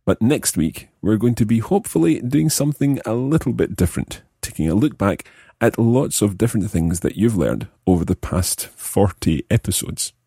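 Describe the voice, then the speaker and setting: A man hosting a podcast language lesson, explaining slowly and repeating example phrases. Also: fairly low pitch, animated, creaky, warm tone, breathy edge, no echo, clean studio sound. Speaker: language teacher host.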